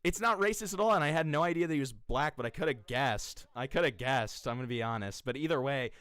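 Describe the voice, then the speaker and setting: A man hosts a heated talk in an online game with a medium-pitched voice. He rambles hesitantly through his questions, then turns sarcastic and insulting. His voice sits close and dry on a headset mic. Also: animated, fast, a bit bright, smooth, no echo. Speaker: host. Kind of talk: heated casual debate.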